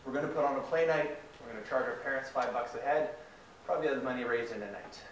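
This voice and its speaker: A man's voice: medium pitch, fast, a little hiss or hum, close to an everyday voice. A man playing a cocky, nonchalant seven-year-old boy who boasts about his own success. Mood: smug. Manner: smug, self-assured boasting. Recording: echoey hall, mic far off.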